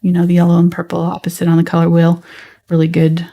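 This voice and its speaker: A woman with a light Southern US accent, teaching a live painting tutorial in a relaxed, chatty way while she paints. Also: on the low side, quick pace. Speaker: painting instructor.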